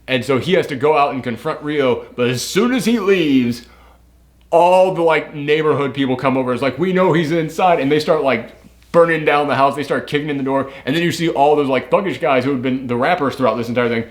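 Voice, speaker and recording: A man reviewing an anime in casual chat, retelling scenes in an animated way and swearing often. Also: mid-range voice, a little fast.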